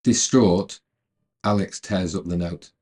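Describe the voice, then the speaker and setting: A man narrating a retelling of a film's plot in a calm, measured way, then adding his own commentary. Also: deep voice. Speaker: storyteller retelling a film.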